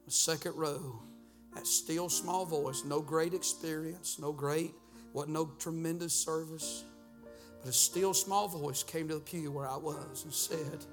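A middle-aged man preaching a revival sermon and altar call in a church, swinging from loud, fervent rhythmic urging to hushed near-whispers. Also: on the high side, fairly even intonation, a little slow, over music. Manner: fervent, rhythmic preaching with sudden soft drops. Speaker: pastor. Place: church sanctuary.

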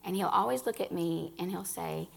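An earnest woman gives a personal faith testimony to a gathering of women, speaking right to them. Her voice carries a gravelly fry, and she restarts phrases as she talks. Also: on the low side, moderate pace. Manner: earnest, addresses listeners directly, restarts phrases.

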